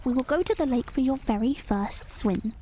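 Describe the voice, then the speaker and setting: A woman's voice: high voice, expressive, normal speed, slight background noise. Woman doing a fretting mother duck. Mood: stern. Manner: warm and fretting, stern when scolding. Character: fussy caring mother duck.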